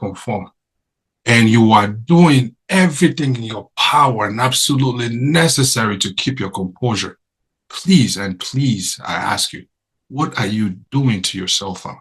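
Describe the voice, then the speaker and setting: A man's voice: fairly low pitch, fairly bright tone, husky, poor audio. A man co-hosting a podcast in casual chat, talking emphatically and full of rhetorical questions. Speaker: podcast co-host.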